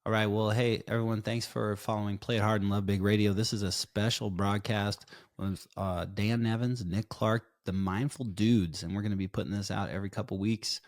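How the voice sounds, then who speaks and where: A man hosting a podcast in a relaxed, upbeat way, thanking his co-host and signing off to listeners. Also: fairly low pitch, brisk. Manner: laid-back, upbeat sign-offs. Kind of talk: casual chat.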